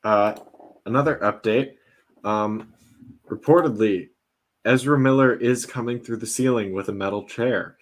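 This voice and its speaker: A young man co-hosting a podcast, reading entertainment news in relaxed, casual chat with hesitant fillers. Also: on the low side, unhurried.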